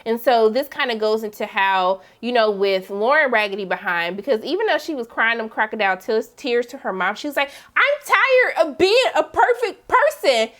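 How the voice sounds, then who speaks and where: A woman's voice: fairly quick, hardly any pauses. A woman giving a sassy, dramatic TV episode recap in casual slang, acting out characters' lines. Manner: sassy, dramatic, voices characters with big pitch jumps. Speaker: TV recap vlogger.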